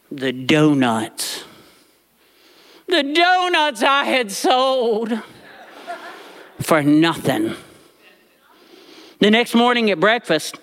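Animated man telling a personal story. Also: a little high. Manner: animated, comic timing with drawn-out pauses.

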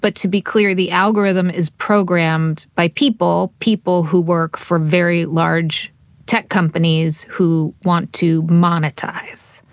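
Woman radio host asking questions, low voice, dry close studio mic. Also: fairly even intonation, slow pace, dry recording. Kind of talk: radio interview.

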